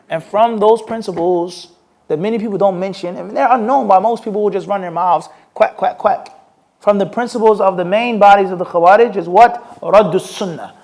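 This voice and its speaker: High-voiced man lecturing rhetorically. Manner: rhetorical, quizzes listeners with "what?"; mixes Arabic phrases into English. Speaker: Islamic teacher. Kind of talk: live Q&A lecture.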